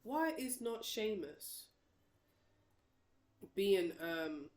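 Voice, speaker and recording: A woman's voice: mid-range voice, sing-song, drawn-out words, darkish tone. A woman vlogger giving casual, opinionated wrestling predictions, rambling with many restarts and fillers.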